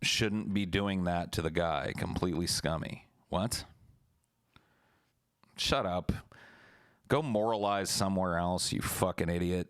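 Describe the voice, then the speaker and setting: Laid-back, profane young man, low voice. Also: a little slow, long pauses, clear, resonant tone. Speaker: streamer. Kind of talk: casual storytelling to a live chat.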